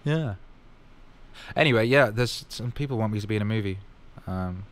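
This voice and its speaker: A man's voice: lowish voice, normal speed. A man casually answering fan questions in his vlog, rambling and upbeat with plenty of fillers.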